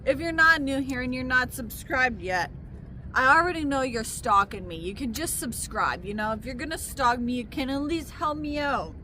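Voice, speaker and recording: A woman's voice: high voice, lively intonation, normal speed, bright, forceful tone, slight background noise. A young woman chatting candidly to camera about her life in a camper van, with frequent fillers and asides. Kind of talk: casual vlog chat to camera. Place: in and around a parked camper van. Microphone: camera on a tripod.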